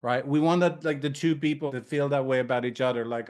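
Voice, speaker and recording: A man's voice: medium pitch, quick pace, darkish tone. Jokey, swearing male therapy trainer. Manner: loose, jokey, profane, tangents. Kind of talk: casual training talk.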